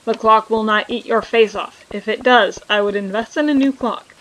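A woman's voice: on the high side, normal speed, a bit bright, slight background noise, low-quality recording. A woman hosting a casual let's play, chatting and joking with viewers as she plays. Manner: reads game dialogue aloud. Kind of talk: casual gameplay commentary.

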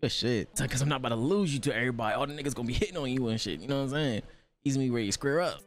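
A man's voice: mid-range voice, rapid-fire, a little hiss or hum. A man hosting an anime reaction video, talking back to the screen with lots of laughter and profanity.

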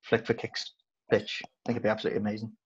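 A man explains things in a rapid, earnest way during a casual podcast chat on a video call. His voice is husky and he talks very fast. The sound comes through a dull, lo-fi line. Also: fairly low pitch, monotone.

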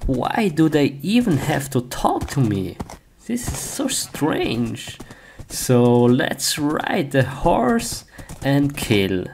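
A man's voice: on the high side, huge pitch swings, drawn-out words, gravelly, long pauses, darkish tone, a little hiss or hum, exaggerated voice. Steve, a man doing a giggly cartoon hero. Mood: gleeful. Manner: playful, giggly, chatty. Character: cheerful, reckless young male blocky hero.

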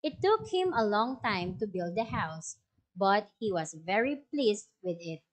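Slow-paced Filipino woman teacher. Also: mid-range voice, big pitch swings. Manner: slow, careful, questions to pupils. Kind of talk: online class lesson and storybook read-aloud.

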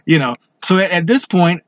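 A man's voice: sits high, vocal fry, fairly bright tone, dry recording, muffled recording. A man hosting his own show, telling a personal story in a blunt, rambling way, swearing constantly. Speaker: show host. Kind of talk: profane personal storytelling monologue.

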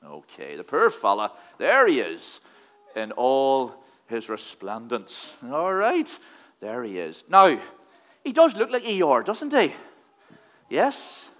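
A man leading the children's talk in a church service speaks slowly, his mid-range voice swooping wildly in pitch with a fairly bright tone. He playfully quizzes the kids.

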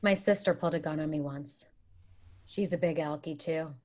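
A woman's voice: low-pitched, moderate pace, a little mellow, close to an everyday voice. A woman voicing a tactless, chatty woman who counsels couples, read over a video call. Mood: gossipy. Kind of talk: Zoom play reading.

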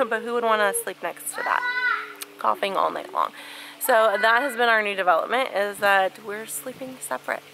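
A young female vlogger who is getting over a cold, cough and all, chats casually with her channel outside, filming on a handheld camera. Her medium-pitched voice is animated and moves at a normal speed. Faint outdoor sounds and wind sit behind her.

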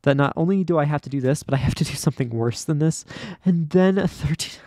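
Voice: mid-range voice, fast talker, dark tone, dry recording. A young adult gamer giving casual let's play commentary, dramatically exasperated and often laughing at their own struggles. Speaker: gamer playing an obstacle course game.

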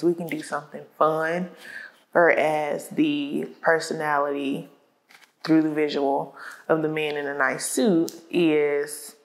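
A woman's voice: low-pitched, creaky, poor audio. A woman co-hosting a podcast, talking casually and thinking aloud as she explains her views. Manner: conversational, thinks aloud with fillers. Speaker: podcast co-host. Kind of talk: casual conversation. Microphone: lapel mic.

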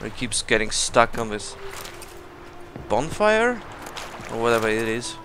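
A man hosting a let's play, giving casual commentary full of excited exclamations and rambling asides. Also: mid-range voice, measured pace. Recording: commentary over loud game music. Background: game music.

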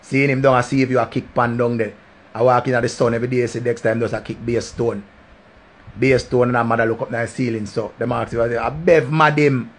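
A man's voice: medium pitch, flat delivery, fast. A man with a Jamaican accent telling a crude, rambling story in heavy patois, full of swearing. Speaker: vlogger.

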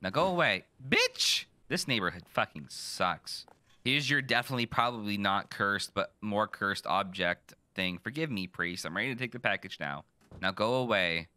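A young man playing a horror game, joking, swearing and reacting loudly in casual commentary. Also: fairly low pitch, normal speed, smooth, no echo. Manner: joking, profane, loud reactions. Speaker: gaming streamer. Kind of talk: casual let's-play commentary.

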